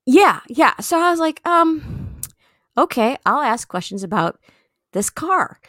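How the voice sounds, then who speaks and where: A woman tells a story in a casual chat, her pitch swinging widely as she leaps into high, excited bursts. Her voice sounds dry and close, with no room around it. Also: unhurried, no echo. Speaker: comedian and podcast co-host. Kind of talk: casual chat, telling stories.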